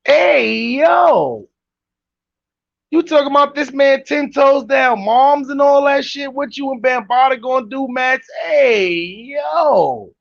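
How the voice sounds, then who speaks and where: A high-pitched man hosts a podcast, mocking and incredulous as he reacts to clips in slangy street talk, laughing often. His voice is dry and close, with a dull, lo-fi sound. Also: takes it slowly, gravelly, no room sound. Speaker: podcast host. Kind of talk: reaction commentary on live-stream clips.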